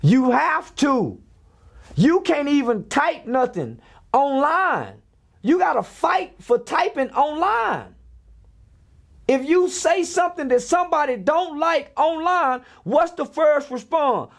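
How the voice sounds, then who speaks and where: A man's voice: very high-pitched, big pitch swings, slow pace, gravelly. A man giving a blunt, preachy rant in a podcast interview, firing off rhetorical questions. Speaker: interview guest.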